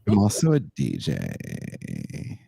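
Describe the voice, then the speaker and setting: A man putting on a vapid influencer with heavy vocal fry. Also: rumbling low, wildly swooping pitch, takes it slowly, dark tone, dry recording, pitched below the performer's own voice, exaggerated voice. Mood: vapid drawl.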